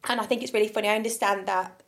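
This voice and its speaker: A woman's voice: medium pitch, racing. A young woman with an English accent, co-hosting a casual podcast chat and acting out stories in quoted voices. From England. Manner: animated storyteller who acts out quoted voices. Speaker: podcast co-host.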